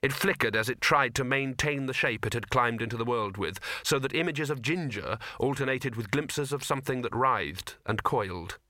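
A man with a medium-pitched, bright, forward voice narrates a comic fantasy audiobook from a script in a wry, deadpan style. He speaks at normal speed with few pauses, and the recording is dry and close, with no room sound.

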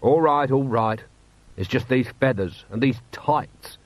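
A man's voice: mid-range voice, a little slow, dry recording, lightly acted. A man voicing a weary watch commander with dry, glum wit. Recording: dull, slightly lo-fi.

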